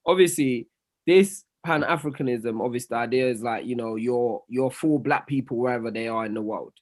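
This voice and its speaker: A man, arguing animatedly in a casual podcast discussion, swinging between quiet and loud. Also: mid-range voice, a little fast.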